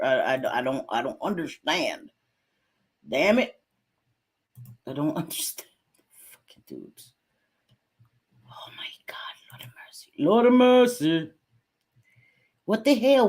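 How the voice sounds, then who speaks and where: A woman's voice: deep voice, darkish tone. A young woman hosting a casual livestream, chatty and sassy, dropping Spanish phrases and apologizing between rants. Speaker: livestream host.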